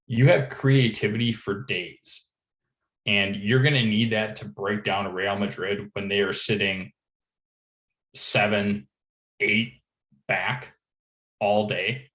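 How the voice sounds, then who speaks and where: A lowish male voice, speaking slowly and deliberately as he argues about football. The sound is roomy, with noticeable echo around him. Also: a bit bright. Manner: deliberate, opinionated, repeats points. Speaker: podcast co-host. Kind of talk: casual football chat. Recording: echoey room.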